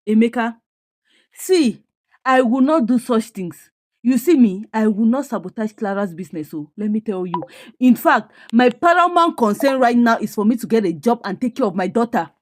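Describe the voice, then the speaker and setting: A woman's voice: a little high, lively intonation, moderate pace, darkish tone, dry recording, clean studio sound, lightly acted. A woman with a Nigerian accent quoting a stubborn, struggling father in her own voice, defensive and insistent.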